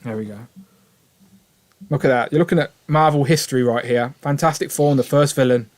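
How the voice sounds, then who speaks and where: A man's voice: medium pitch, brisk, a little mellow. A man hosting a toy review livestream in casual, jokey chat, laughing often.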